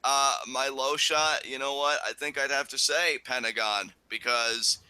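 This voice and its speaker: A man's voice: medium pitch, steady tone, unhurried, bright, forceful tone, smooth, dry recording. A man co-hosting a casual wrestling review chat, talking with enthusiasm. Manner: enthusiastic, acts out quoted lines in bursts. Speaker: co-host reviewing wrestling episodes.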